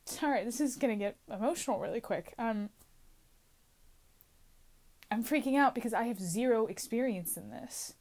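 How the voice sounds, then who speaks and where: A woman's voice: on the high side, normal speed, pauses often, darkish tone. A woman in her twenties talking anxiously to camera in a casual confessional vlog, rambling and questioning herself from inside a small closet. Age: 20s. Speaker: vlogger.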